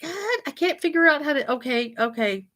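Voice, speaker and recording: A woman's voice: sits high, expressive, normal speed, pushed and bright. A woman hosting a casual livestream, talking bluntly and profanely in a rambling way, often restarting her sentences. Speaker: intuitive reader hosting a livestream. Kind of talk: casual unscripted livestream chat.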